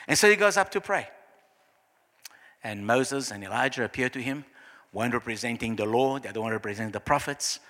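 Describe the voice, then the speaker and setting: A male pastor, preaching a sermon with emphatic swings between loud, high lines and quiet, low ones. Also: in a large hall.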